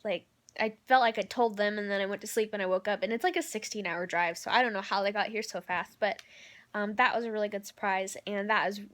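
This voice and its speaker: A woman's voice: mid-range voice, steady tone, fast, a bit bright. A young woman giving a candid, rambling personal video update from a hospital room, with lots of ums and likes. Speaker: vlogger.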